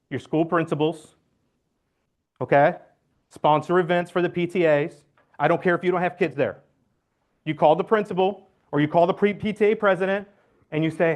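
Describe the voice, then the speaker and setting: Loud, blunt real estate man. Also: a little high, normal speed. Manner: loud, blunt and jokey, acts out phone calls. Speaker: real estate agent giving a team talk. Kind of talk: motivational team meeting talk. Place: meeting room.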